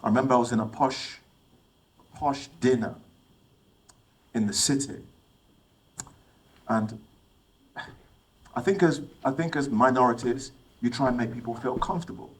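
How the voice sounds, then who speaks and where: A man's voice: mid-range voice, normal speed, pauses often, low-quality recording. A middle-aged man from England giving a motivational talk to young people, telling personal stories and asking his listeners questions. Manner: storytelling, asks the audience questions. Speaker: speaker addressing young people.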